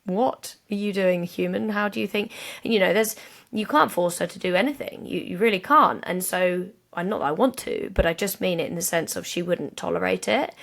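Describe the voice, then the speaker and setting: A woman co-hosting a casual podcast chat, animated and acting out little quoted voices as she explains. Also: on the low side, fairly quick, creaky. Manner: animated, acts out horse and people voices in quotes. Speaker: podcast co-host.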